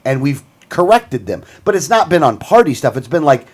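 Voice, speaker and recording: A man's voice: fairly high pitch, very animated, moderate pace, slightly rough. A man co-hosting a talk show, talking bluntly and emphatically with frequent restarts. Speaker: co-host. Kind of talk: casual talk show chat.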